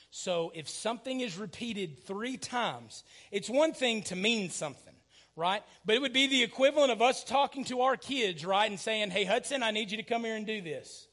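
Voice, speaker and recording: A man, preaching a sermon, swinging from loud emphatic passages to hushed near-whispers. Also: sits high. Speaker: pastor.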